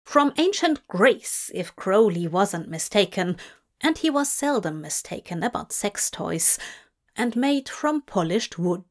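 A woman narrating a fan-fiction story aloud in a slow, measured way. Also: medium pitch, very animated.

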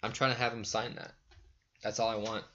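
A man's voice: fairly low pitch, little pitch movement, brisk, sharp tone, muffled recording, a little hiss or hum. A man chatting casually, rambling with lots of fillers and easy laughter. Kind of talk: casual chat.

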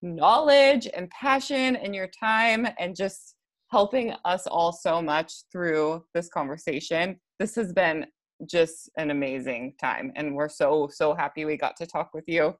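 A woman hosting a casual interview podcast, encouraging and quick to laugh. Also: on the low side. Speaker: podcast host.

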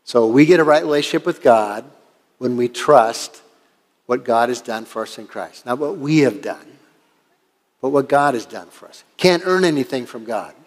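A man's voice: medium pitch, expressive, moderate pace, long reverb tail. An older man, a pastor from Washington State, preaching a sermon and telling a story in an earnest, conversational way. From Washington State, USA.

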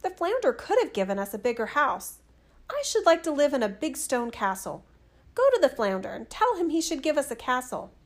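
A woman's voice: sits high, very animated, fairly quick. A woman voicing a greedy, demanding fisherman's wife who bosses her husband. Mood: nagging. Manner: bossy and insistent.

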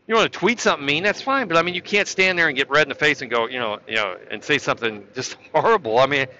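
A man's voice: a little high, pushed and bright, slight background noise. Ranting opinionated man, lo-fi audio. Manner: opinionated, ranting, sarcastic outbursts. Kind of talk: political opinion monologue. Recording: dull lo-fi recording.

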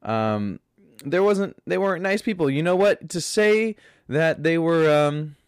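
A man's voice: fairly high pitch, animated, measured pace, clean tone, dry recording, clean studio sound. A man from Florida hosting a solo podcast, laid back, rambling and crude in his chat. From Pensacola, Florida. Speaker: podcast host.

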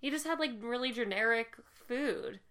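A woman's voice: on the high side, normal speed, fairly bright tone. A young woman in a casual chat, teasing her co-host and laughing often.

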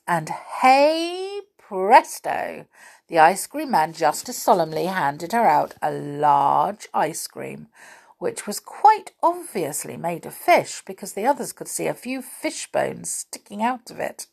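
A woman reading a children's story aloud in a gentle, unhurried way. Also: sits low, very animated, creaky, slightly rough.

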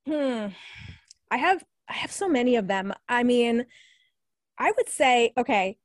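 Expressive and fairly high-pitched, this former radio newscaster keeps a measured pace in a dry recording. She's a New York-area woman in her forties with a New York accent, an alumni guest in a casual podcast interview who laughs often and fills her speech with fillers.

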